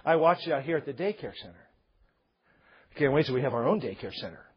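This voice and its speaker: A man preaching a sermon, animated, acting out parents and children, sometimes raising his voice to a shout. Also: medium pitch, quick pace, breathy edge. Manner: raises voice to a shout at points. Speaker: pastor. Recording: dull lo-fi recording.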